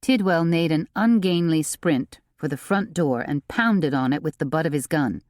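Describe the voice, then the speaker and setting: Low-voiced woman reading an audiobook, slow, lots of pitch movement, dry close sound. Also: animated, a little mellow, no room sound. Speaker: audiobook narrator. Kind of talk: scripted narration.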